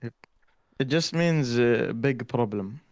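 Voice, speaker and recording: A man's voice: mid-range voice, expressive. A man whose first language is Arabic, chatting with a friend over voice chat during a game, often restarting his sentences. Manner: halting, repeats words when starting sentences. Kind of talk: casual gaming chat.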